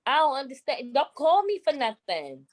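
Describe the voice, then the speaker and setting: A woman's voice: high-pitched, big pitch swings, normal speed, low-quality recording. A woman co-hosting a podcast in casual chat, blunt and emphatic with some swearing. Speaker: podcast co-host.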